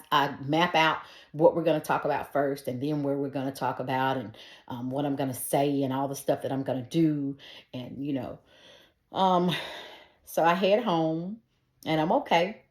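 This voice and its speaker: Middle-aged woman, low voice, earnest conversational testimony, echoey room. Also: fairly even intonation, measured pace. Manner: earnest and conversational, talks straight to her listeners. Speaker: storyteller sharing her faith testimony. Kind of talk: personal faith testimony told casually.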